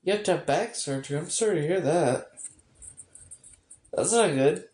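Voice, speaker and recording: A woman's voice: sits low, lively intonation, moderate pace, a little mellow. A woman chatting casually on a phone livestream, sarcastic and swearing a lot as she greets viewers. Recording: roomy echo.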